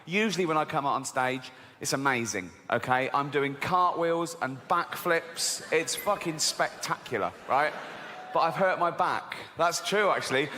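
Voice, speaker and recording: A middle-aged man doing a stand-up comedy routine on stage, animated and laughing at his own jokes. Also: a little high, normal speed. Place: large theater stage with a live audience. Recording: live hall recording with long reverb.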